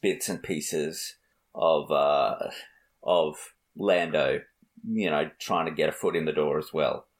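A man's voice: very deep voice, takes it slowly. A man co-hosting a podcast, chatting casually about films in a dry, teasing way. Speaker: podcast co-host. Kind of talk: casual film discussion.

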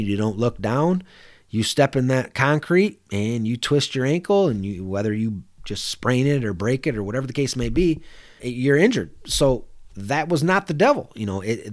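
A man preaching a conversational sermon, reading Bible verses and explaining them in a plain, repetitive way with frequent "you know.". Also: mid-range voice. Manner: conversational, repeats words and says "you know" often.

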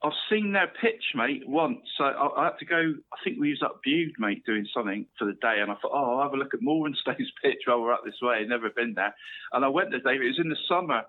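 A man's voice: mid-range voice, animated, fast, phone-quality sound, slight background noise. A man from Cornwall co-hosting a football podcast, chatty, laughing often and calling everyone "mate". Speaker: podcast co-host. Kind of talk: casual football chat.

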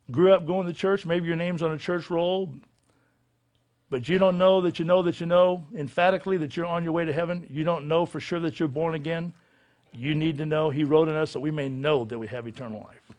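A man's voice: fairly high pitch, darkish tone. A middle-aged male pastor giving an altar call in a church service, preaching with a fervent, repetitive cadence. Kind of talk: altar call and sinner's prayer.

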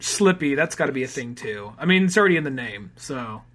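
A man's voice: medium pitch, animated, fairly quick, a bit bright. A man co-hosting a podcast in casual chat, rambling with fillers and swearing now and then. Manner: rambling, many fillers and restarts, profane. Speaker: podcast co-host.

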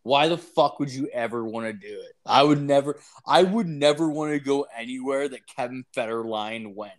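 A man's voice: medium pitch, moderate pace. Profane young man telling crude stories. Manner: profane, animated storytelling. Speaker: podcast co-host. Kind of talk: crude casual chat.

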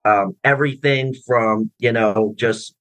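This interview guest, a band tribute drummer, talks in a somewhat low, slightly bright voice, a little slowly. His casual chat runs long and meanders with many restarts and fillers, captured in poor audio with no room sound.

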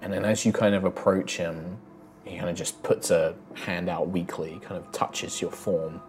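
Low guy narrating a tabletop game, lots of ums, music underneath. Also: little pitch movement, darkish tone. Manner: halting narration with many fillers. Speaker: game master.

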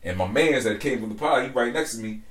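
A young man co-hosting a podcast, telling a story in a lively, slangy way. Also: mid-range voice, fast, reverberant. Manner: animated storyteller, slangy, keeps saying "you feel me". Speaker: podcast co-host. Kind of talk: casual storytelling chat.

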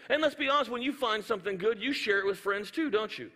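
A man preaching a sermon in a church auditorium, telling funny stories with animated asides. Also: high-pitched, fast, big-room sound. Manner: humorous storytelling, animated asides. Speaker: pastor.

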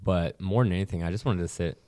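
A man's voice: deep voice, quick pace, a little mellow, dry recording. A young American man chatting casually in a rambling, profane, self-mocking way. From United States. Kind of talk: casual chat.

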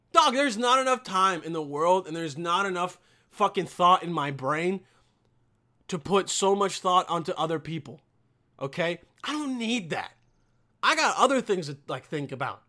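High bright-voiced swearing ranting man. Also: sing-song, normal speed. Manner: heavy swearing, loud bursts, mocking quoted voices. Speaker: vlogger. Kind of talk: profane comedic rant.

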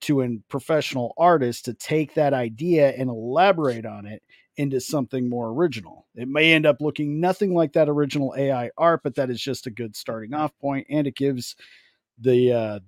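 A man's voice: medium pitch, a little fast, no room sound, studio quality. A man co-hosting a casual podcast, talking in an opinionated, profane way. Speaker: podcast host. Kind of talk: casual chat.

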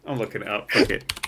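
A man's voice: fairly high pitch, noisy background. A man co-hosting a podcast in casual, sweary chat, laughing often. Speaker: podcast co-host.

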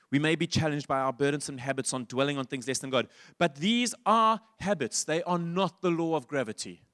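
A man preaching a sermon as a pastor, quoting writers and speaking with lively swings in pitch and loudness. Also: smooth, no echo, studio quality. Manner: animated, rises high and loud when quoting.

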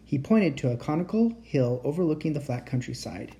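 Animated, mellow storybook reader. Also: mid-range voice, brisk, few pauses. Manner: expressive, animated reading. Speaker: audiobook reader. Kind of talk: storybook narration.

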